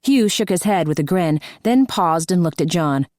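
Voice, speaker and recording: A woman narrates an audiobook in a steady, measured reading. Her voice is low and the studio booth sound is dry and close. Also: no room sound. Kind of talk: scripted narration.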